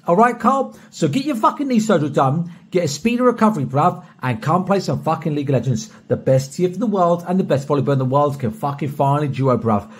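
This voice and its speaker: A young British man recording a personalized video shoutout, boisterous and heavily profane, swinging from soft to loud. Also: fairly high pitch, animated, fast, few pauses, breathy edge. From Britain. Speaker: streamer recording a paid shoutout.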